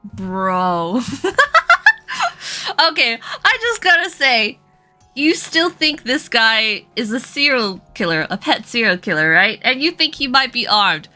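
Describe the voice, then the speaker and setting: Woman, let's play commentary, giggly and teasing, high and lively, unhurried. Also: faint music behind. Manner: giggly and teasing, laughs often. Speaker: gaming video creator.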